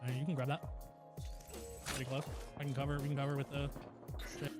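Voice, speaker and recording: A man on a team's voice chat during a competitive shooter match, giving terse, rapid callouts. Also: medium pitch, level tone. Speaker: esports player on team comms. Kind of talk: in-game team callouts. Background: loud game music and gunfire.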